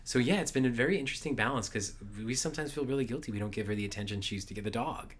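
A man in his thirties, co-hosting a casual podcast, telling stories with animated energy and frequent laughs. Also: mid-range voice, rapid-fire. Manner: storytelling, animated, laughs often. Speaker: podcast co-host. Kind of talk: casual chat.

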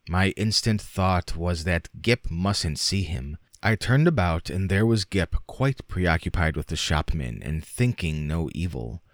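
Low-voiced guy reading an old story out loud, dramatic and expressive, dry close sound. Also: a little slow, hardly any pauses, dry recording. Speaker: narrator. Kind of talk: audiobook reading of a classic short story.

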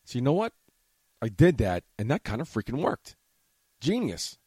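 A man's voice: medium pitch, very animated, fairly quick, warm tone, husky, dry recording. A man hosting his own podcast, talking in a rambling, chatty way and swearing casually. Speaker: podcast host. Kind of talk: casual solo podcast recap.

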